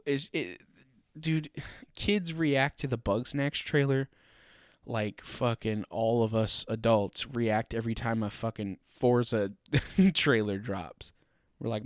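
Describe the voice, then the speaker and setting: A man's voice: medium pitch, slow pace, no room sound, studio quality. A young man hosting a solo podcast, ranting loosely and profanely with laughing asides. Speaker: podcast host.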